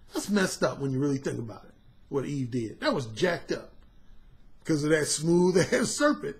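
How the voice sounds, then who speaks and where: A man hosting a podcast, a dating coach delivering an animated, profane storytelling monologue. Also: fairly high pitch, normal speed. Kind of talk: casual monologue commentary.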